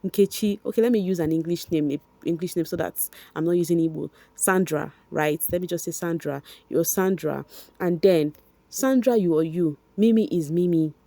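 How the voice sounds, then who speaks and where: A woman's voice: lowish voice, normal speed, warm tone, dry recording. A young woman with a Nigerian accent, chatting directly to her viewers in a casual gossip commentary, repeating points for emphasis. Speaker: vlogger.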